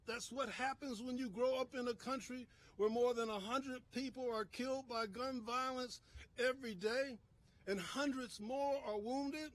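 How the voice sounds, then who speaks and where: A man with a notably high voice speaks as a minister at an outdoor press conference. His delivery is impassioned, swinging between near-shouts and quiet, heavy phrases. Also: no room sound. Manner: impassioned, rising to shouts and dropping low. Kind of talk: emotional speech at a press conference.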